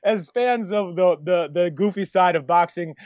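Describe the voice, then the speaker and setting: A man's voice: high-pitched, moderate pace, a little mellow, dry recording, dull audio. A man co-hosting a podcast, talking in a rambling, jokey way with lots of restarts. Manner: rambling, self-interrupting, jokey. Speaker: podcast co-host. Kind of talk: casual podcast chat.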